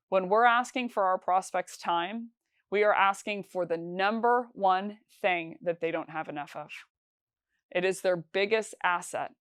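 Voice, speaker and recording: A woman's voice: fairly low pitch, clear, resonant tone, dry recording, studio quality. A woman teaching sales calls in a conversational, instructional talk, with frequent fillers and restarts. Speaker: sales trainer.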